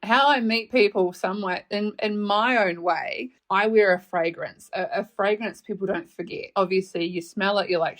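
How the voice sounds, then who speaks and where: A woman's voice: medium pitch, moderate pace, few pauses. A young woman with a New Zealand accent hosting a podcast, telling a story in a chatty way, swearing freely and often laughing. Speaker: podcast host. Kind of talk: casual storytelling monologue.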